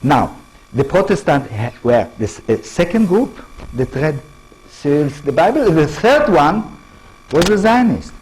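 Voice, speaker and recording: A man with an Israeli accent giving a lecture to an audience in halting English, often restarting words and checking in with his listeners. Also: a little high, very animated, darkish tone, slight background noise, rough recording. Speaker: author giving a public talk.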